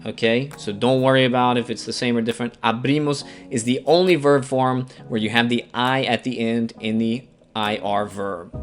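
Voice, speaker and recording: A man from Alabama with a Southern American accent, teaching a beginner language lesson patiently, spelling out words and repeating examples. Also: medium pitch. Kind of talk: scripted beginner grammar lesson. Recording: faint guitar music underneath.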